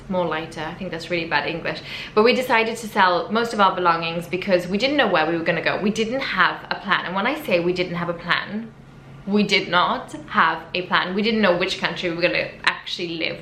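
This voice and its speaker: A woman's voice: lowish voice, a bit bright. A young woman from the United Kingdom telling her story to camera in a chatty, emotional way, often correcting herself. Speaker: vlogger. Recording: echoey room with faint background noise.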